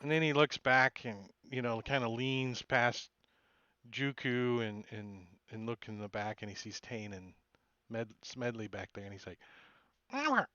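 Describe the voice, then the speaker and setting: A man running a tabletop session as game master, talking the players through the scene in a loose, meandering way. His voice sits at an ordinary middle pitch. The stream audio is dull and lo-fi, with a dry, close sound and no room echo. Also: steady tone, measured pace, bright, forceful tone. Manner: casual, rambling descriptions that often break into laughter. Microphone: home computer mic for an online session.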